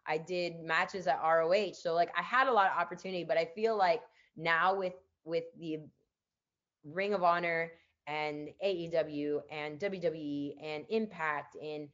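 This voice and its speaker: A woman's voice: sits low, fairly even intonation, normal speed, a bit bright. Chatty woman podcast host, lo-fi. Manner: chatty, peppers speech with "like". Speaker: podcast host, former wrestler. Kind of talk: casual interview chat.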